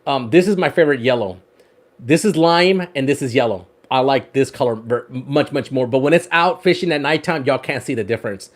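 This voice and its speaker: A man's voice: mid-range voice, a little fast. A man hosting a fishing livestream in casual chat, showing off his rod wraps, often repeating words and laughing.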